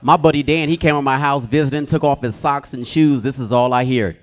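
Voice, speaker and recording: A young man from the United States performing a stand-up comedy set in a club, telling stories loudly and shouting his acted quotes. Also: medium pitch, fairly quick, slight background noise. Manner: animated, loud storytelling with shouted acted quotes. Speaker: stand-up comic. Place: comedy club stage with a live audience.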